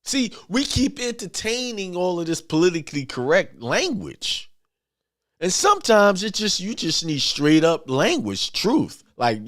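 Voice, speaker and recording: Man, informal sermon, blunt and repetitive, very lively pitch. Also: unhurried, no echo, clean studio sound. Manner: emphatic, repetitive, talks straight and blunt. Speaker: spiritual speaker.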